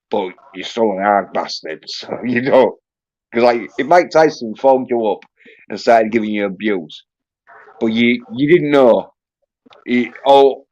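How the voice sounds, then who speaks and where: A man's voice: lowish voice, darkish tone. A man hosting a livestream, ranting in a crude, swear-filled, rambling way. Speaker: livestream host. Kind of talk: casual livestream rant. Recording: dull lo-fi audio.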